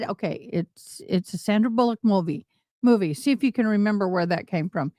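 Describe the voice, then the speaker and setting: A woman's voice: medium pitch, animated, brisk, dark tone, dry recording. A woman hosting a casual live stream, chatting and rambling to her viewers, calling them y'all. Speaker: livestream host commenting on court trials.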